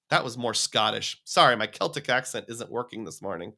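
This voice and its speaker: A man's voice: lowish voice, brisk, vocal fry, bright, forceful tone. A man hosting a livestream, talking casually and rambling as he reads viewer comments. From United States. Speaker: livestream host.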